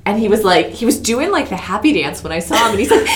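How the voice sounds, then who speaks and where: A woman co-hosting a podcast, telling an expressive story and mimicking others. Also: mid-range voice, quick pace, a little hiss or hum. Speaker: podcast co-host. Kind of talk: casual chat.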